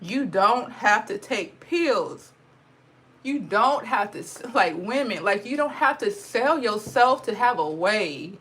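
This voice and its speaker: Speaking in a Black dialect, this woman vlogger gives a blunt, profanity-heavy and impassioned casual monologue about spirituality, near tears throughout. She mocks others in a high, sarcastic voice. Her delivery is slow with lively intonation and a fairly bright tone that has a breathy edge.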